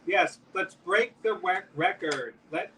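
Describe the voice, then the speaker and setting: A man runs a live-stream jewelry auction, talking slowly through each piece and calling the bids in a chatty way. His voice is bright and slightly high. He sits a little away from the mic, with a faint hiss in the background. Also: distant mic, poor audio. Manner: chatty, calls bids and describes items. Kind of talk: live auction selling chat.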